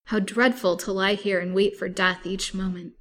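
A woman's voice: mid-range voice, steady tone, moderate pace, close to an everyday voice. A woman voicing a terrified young woman held captive, speaking in breathless, frightened tones.

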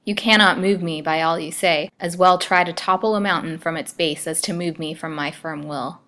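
A woman's voice: lowish voice, fairly even intonation, normal speed, a bit bright, close to an everyday voice. A woman reading a storybook aloud and voicing a scheming villainous man who threatens and taunts a captive girl. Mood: menacing.

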